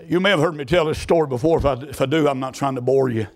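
A middle-aged man preaching a sermon, moving from quiet storytelling to loud, fervent shouting. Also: mid-range voice, quick pace. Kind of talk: fiery sermon.

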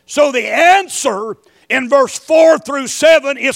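Male preacher, middle-aged, high voice, unhurried, dry close sound. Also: creaky, no room sound. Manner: swings from quiet storytelling to shouted emphasis. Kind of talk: sermon.

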